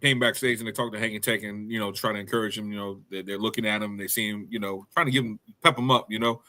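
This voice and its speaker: Bright-voiced man in casual podcast chat. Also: lowish voice, fairly even intonation, fast talker. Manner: rambling, fillers, slangy. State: hiccups. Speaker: podcast co-host. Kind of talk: casual wrestling review chat.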